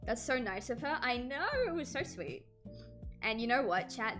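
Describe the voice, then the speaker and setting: A woman's voice: a little high, animated, moderate pace, music in the background. A woman in her twenties chatting casually with her stream while drawing, telling stories with many "like" fillers.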